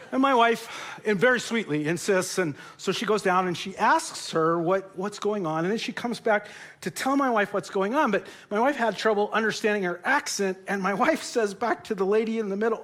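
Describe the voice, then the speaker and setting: A man's voice: high-pitched, brisk, fairly bright tone. A middle-aged man preaching a sermon in a church, telling stories with jokes and sometimes getting emotional. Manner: storytelling, jokey, turns emotional. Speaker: pastor. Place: church auditorium.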